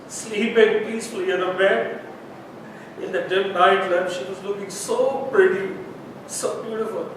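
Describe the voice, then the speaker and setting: During a stage drama rehearsal, a male actor plays an anguished father recounting a night with his daughter, halting, stammering, and repeating words. His high voice is captured from a distance in a very echoey rehearsal room, with constant hiss and a low rumble underneath.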